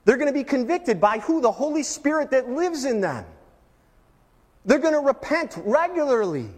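A man preaching a sermon as pastor, emphatic, swinging from booming lines to hushed ones. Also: big-room sound.

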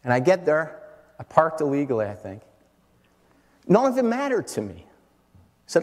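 Preaching pastor, booming in a reverberant hall. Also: male voice, sing-song, fairly quick, pauses often. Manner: swings from low storytelling to loud, shouted preaching. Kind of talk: sermon.

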